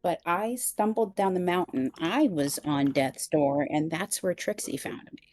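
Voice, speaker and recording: A woman playing a tabletop game, giggly and animated, telling stories with halting restarts. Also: lowish voice, faint music behind. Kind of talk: in-character table banter.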